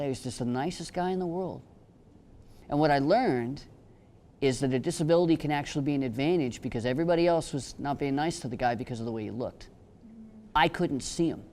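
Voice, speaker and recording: A man's voice: fairly high pitch, brisk, a little mellow. Joking man telling stories on a panel. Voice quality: joking, storytelling. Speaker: panelist, attorney. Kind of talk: humorous panel talk.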